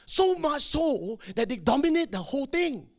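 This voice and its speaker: A male pastor, preaching a sermon emphatically with sudden shouted bursts and call-and-response to the congregation. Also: very high-pitched, big pitch swings, moderate pace, gravelly, soft background music.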